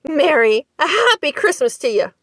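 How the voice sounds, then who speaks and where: A sly old countrywoman, as a woman reader puts her on, chuckles through her rustic dialect in a raised, lively voice. She speaks confidingly, as if sharing a private joke. The reading sounds close and dry. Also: sits high, moderate pace, no echo, pitched above the performer's own voice. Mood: sly, amused.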